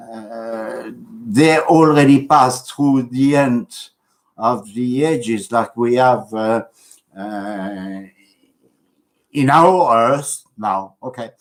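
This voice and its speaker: A man with a non-native English accent giving an earnest, preachy, rambling monologue to his video audience, halting and full of fillers. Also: medium pitch. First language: not English. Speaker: religious video blogger.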